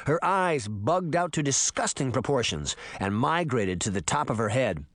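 A man narrating a fantasy audiobook in a dramatic, expressive reading style. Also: mid-range voice, normal speed, no echo, clean studio sound. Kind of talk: scripted narration.

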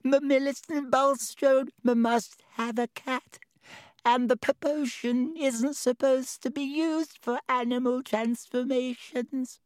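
A man's voice: very high-pitched, a little slow, few pauses, mellow, no room sound, clean studio sound, pitched above the performer's own voice. A man voicing a tearful schoolgirl who has turned half cat, crying and stammering as she howls. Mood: howling. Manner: stammering, sobbing.

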